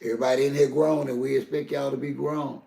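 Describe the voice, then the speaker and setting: An older man hosting a live stream. His voice is gravelly and grainy, and it bounces around an echoey room. He talks to his chat in a heated, preachy way. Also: medium pitch, flat delivery, fast talker, mellow. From Southern US. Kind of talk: emotional live stream talk.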